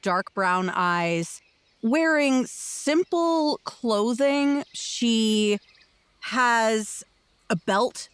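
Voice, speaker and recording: A woman player describes a character slowly and plainly. Her voice is smooth and clear, recorded dry and close. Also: fairly high pitch, lively intonation, a bit bright, dry recording.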